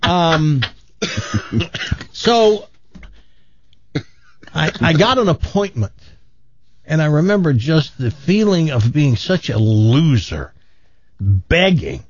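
An older man telling stories from his past in a relaxed, self-deprecating way, with a dull, muffled sound. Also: on the high side, slow pace, long pauses, dry recording. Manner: animated, self-deprecating, acts out quoted voices. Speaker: guest telling his life story. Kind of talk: casual storytelling.

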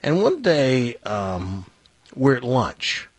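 A man telling a long personal anecdote on a talk show, in an animated storytelling way. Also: mid-range voice, slow, no echo.

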